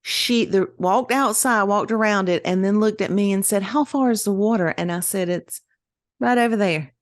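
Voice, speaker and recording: A middle-aged woman, co-hosting a podcast and telling a story in casual chat, animated and laughing as she acts out the voices she quotes. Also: medium pitch, normal speed, no echo, studio quality. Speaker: podcast co-host.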